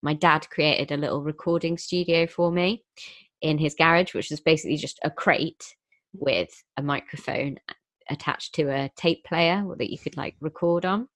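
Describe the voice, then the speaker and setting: A young woman with a notably deep voice hosts a casual podcast chat. The sound is dry, with no room around it. She talks in a thoughtful, reflective way. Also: steady tone, moderate pace, a bit bright, dry recording. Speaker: podcast host.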